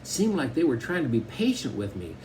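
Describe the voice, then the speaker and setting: A man narrating a children's novel in the first person, in a conversational, expressive way. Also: mid-range voice, a little fast, a little hiss or hum, low-quality recording. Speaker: audiobook narrator.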